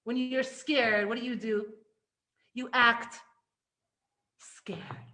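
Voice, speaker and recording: A woman giving an animated spiritual lesson, emphatic and full of restarts, swinging between loud and hushed. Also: fairly high pitch, slow pace. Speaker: Torah teacher.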